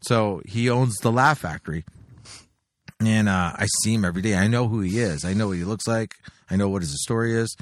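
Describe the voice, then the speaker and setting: A man's voice: fairly low pitch, fairly quick, no room sound, clean studio sound. A male stand-up comedian telling a long story in casual, profane, rambling chat on a podcast.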